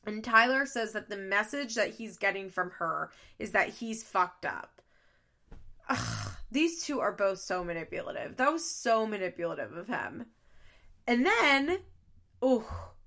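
A woman's voice: medium pitch, lively intonation, measured pace, creaky, fairly bright tone. A woman hosting a podcast, recapping reality TV in casual, blunt, exasperated talk full of swearing. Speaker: podcast host.

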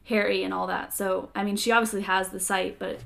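A young woman co-hosting a podcast, weighing her points in a measured, thoughtful way. Her voice carries a strong gravelly fry. She speaks at a middle pitch in relaxed conversation. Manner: thoughtful, measured, hedging opinions. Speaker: podcast co-host. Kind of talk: casual chat.

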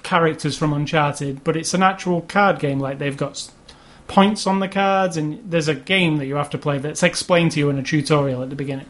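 A man's voice: a little high, fairly even intonation, brisk, a bit bright. A man co-hosting a casual chat about video games, rambling along with restarts and fillers. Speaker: podcast co-host.

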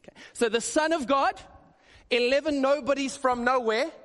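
A male pastor giving a conversational, animated sermon with quick asides. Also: very high-pitched. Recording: long hall reverb.

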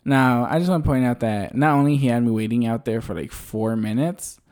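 A man's voice: medium pitch, fairly quick, darkish tone. Laid-back man telling a story. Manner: laughs often, swears, acts out voices in his stories. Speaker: podcast co-host. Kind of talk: casual storytelling chat.

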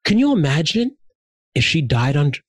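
A man telling stories in casual chat, animated and slangy, with many fillers. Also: on the high side, normal speed, no room sound.

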